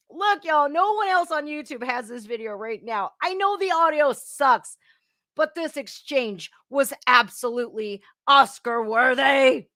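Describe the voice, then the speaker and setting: A woman's voice: high-pitched, animated, unhurried, no echo, clean studio sound. A woman hosting a reaction podcast, talking bluntly and scolding what she watches. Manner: blunt, scolding, laughs loudly. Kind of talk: casual commentary reacting to a video clip.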